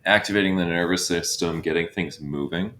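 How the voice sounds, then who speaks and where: Deep-voiced man coaching breathwork. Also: a little fast. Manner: calm, coaching cues with counted breaths. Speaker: breathwork instructor. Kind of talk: guided breathwork session. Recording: roomy echo.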